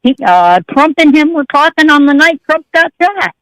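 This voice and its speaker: Female radio caller, chatty, animated pitch, dry sound. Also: normal speed, no echo, highs cut off. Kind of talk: call-in commentary.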